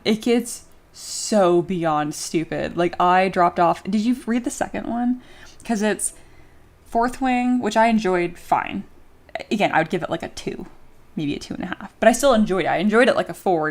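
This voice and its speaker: A woman streamer chatting casually during a livestream and reading viewer comments aloud, animated and full of filler words, often giggling. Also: mid-range voice. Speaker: streamer and miniature sculptor.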